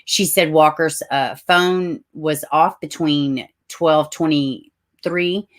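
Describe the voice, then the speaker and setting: Low-voiced Tennessee woman livestream host. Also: steady tone, takes it slowly. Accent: Tennessee Southern US. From Tennessee, USA. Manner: chatty, frequent asides and self-corrections. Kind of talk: casual livestream talk, reading news aloud.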